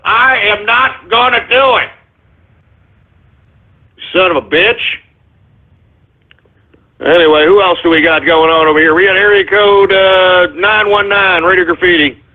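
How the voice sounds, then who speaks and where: A man's voice: high-pitched, fairly even intonation, normal speed. A man hosting a talk radio show, ranting at callers in a profane, exasperated way. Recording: tinny phone-like line.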